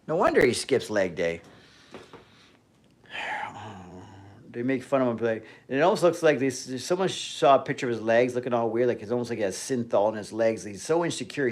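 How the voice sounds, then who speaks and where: A man hosting a fitness livestream, ranting casually with heavy swearing and frequent trailing off mid-sentence. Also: medium pitch.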